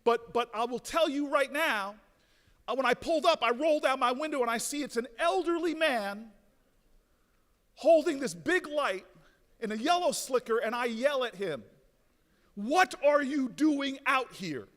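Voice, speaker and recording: A man with a strikingly high, sharp and forceful voice gives a rousing speech in a large ballroom. He trips into repeated starts, then climbs to shouted peaks. His words ring out with a long hall echo from the podium mic. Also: lively intonation, normal speed. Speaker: speaker at a convention. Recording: reverberant ballroom.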